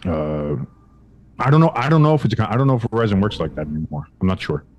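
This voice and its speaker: Animated man telling a story. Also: quick pace, dull audio, slight background noise. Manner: animated, acts out quotes with big pitch jumps; profane, frequent restarts. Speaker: podcast co-host. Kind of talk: casual storytelling chat.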